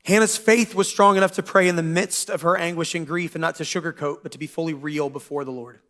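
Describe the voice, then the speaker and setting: Casual young male pastor, high-pitched, joking, church sermon. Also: fairly even intonation, a bit bright. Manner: casual, joking preacher with quick asides.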